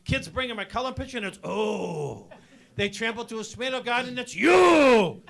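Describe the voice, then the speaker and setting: A man doing stand-up comedy on stage, loud and punchy, talking to the crowd as folks. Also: very high voice, animated, moderate pace, gravelly. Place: stage before a live audience.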